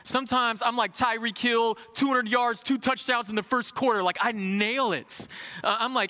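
Bright-voiced, animated man preaching a sermon. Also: sits high, measured pace, in a large hall. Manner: animated, conversational preaching with folksy asides.

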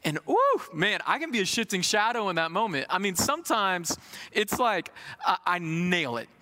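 Male preacher, thirties, high forceful voice, conversational sermon in a hall with long reverb. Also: normal speed. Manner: animated, conversational preaching with folksy asides.

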